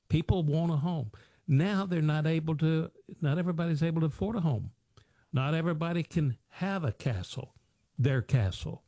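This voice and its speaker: A man's voice: fairly high pitch, normal speed, mellow, dry recording, clean studio sound. An American man hosting a financial advice talk show, talking in a folksy, repetitive way with old sayings and rhetorical questions. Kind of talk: radio-style talk show monologue.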